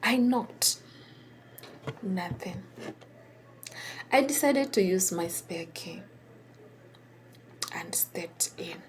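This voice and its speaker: Woman whispering a storytime, kinda low voice, hesitant, lots of little restarts. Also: animated, slight background noise. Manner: halting and hesitant, with many pauses and restarts.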